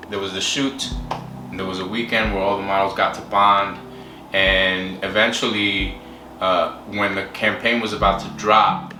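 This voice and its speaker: A man candidly telling his personal story in an interview, halting and full of fillers. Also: on the low side. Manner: candid, halting, with many fillers and acted quotes. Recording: roomy distant mic with music behind.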